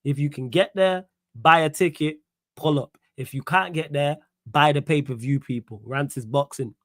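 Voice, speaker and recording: A man's voice: fairly high pitch, moderate pace, no echo. A young man hosting a solo football Q&A stream, chatting casually in slang and riffing on viewer comments. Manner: casual, slangy, laughs and riffs while reading comments. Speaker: host.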